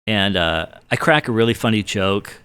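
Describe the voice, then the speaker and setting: A man's voice: on the low side, normal speed, smooth. A middle-aged man telling a rambling, self-deprecating story in a casual chat, acting out what people said. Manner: animated anecdotes with acted-out quotes. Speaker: guitar builder guest.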